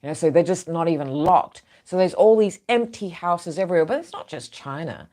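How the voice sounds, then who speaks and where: A woman's voice: lowish voice, lively intonation, a little fast, dark tone. A woman hosting an opinionated news show, outspoken and sarcastic in her asides.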